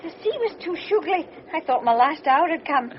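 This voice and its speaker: A woman's voice: high-pitched, expressive, brisk. An actress playing a naive young Scottish woman traveling alone, fussy and primly polite, in an old radio drama. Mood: chatty. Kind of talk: 1940s radio drama acting. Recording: muffled old radio recording, noisy background.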